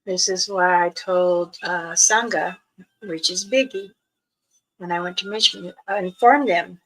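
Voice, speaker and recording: An older woman, a spiritual elder, talking casually to her viewers in a slow, soft, halting way with many pauses. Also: on the low side, slight background noise, low-quality recording. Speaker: spiritual elder and channel host.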